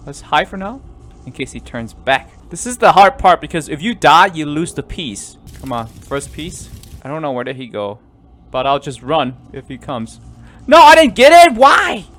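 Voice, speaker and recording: A man commentating a horror game let's play, jumpy and easily startled, swinging between loud yelps and quiet muttering. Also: fairly high pitch, expressive, normal speed. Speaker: gaming YouTuber.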